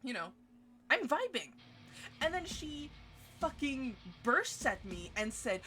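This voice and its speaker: Woman streamer with a bright, forceful voice and a swearing storytelling rant, with quiet music underneath. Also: takes it slowly, pauses often. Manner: profane, animated, jumps in pitch. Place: home streaming setup. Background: faint music.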